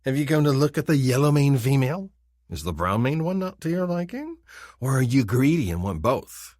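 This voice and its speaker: A man's voice: mid-range voice, big pitch swings, normal speed, darkish tone, dry recording, clean studio sound, voice pushed up, lightly acted. A man voicing a creepy male alien exile in a storybook, mocking and sing-song. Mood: leering.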